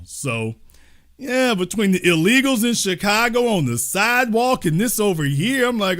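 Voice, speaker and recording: A man hosting a live-stream talk show, making casual, mocking commentary with animated asides. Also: high-pitched, normal speed. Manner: animated, mocking, slips into mimicked voices.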